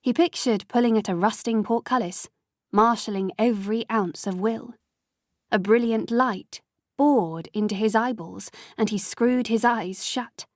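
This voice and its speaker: A woman reading an audiobook as narrator, in measured, even storytelling. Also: fairly high pitch, dry recording, studio quality. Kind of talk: scripted narration.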